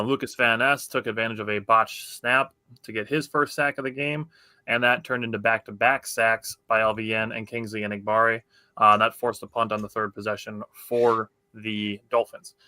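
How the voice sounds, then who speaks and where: Guy hosting a sports chat on a remote call, bright punchy voice, super dry mic. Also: lowish voice, no echo. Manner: quick, self-correcting, steers the conversation. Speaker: podcast host.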